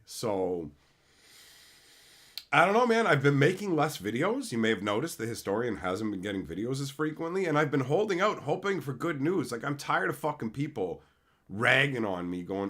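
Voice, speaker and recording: A man hosting a livestream, ranting heatedly and profanely, swinging between loud outbursts and low mutters. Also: sing-song, moderate pace. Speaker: channel host. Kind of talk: livestream rant.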